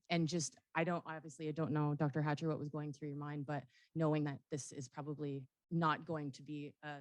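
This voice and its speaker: A woman's voice: low voice, no room sound. A woman clinician in a workshop discussion, speaking earnestly with repeated restarts.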